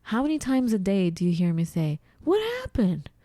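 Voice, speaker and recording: Woman podcast co-host, dry close sound, lively casual talker. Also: fairly low pitch, brisk, dry recording. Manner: animated, acts out her own confused voice. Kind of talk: casual chat. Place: at home.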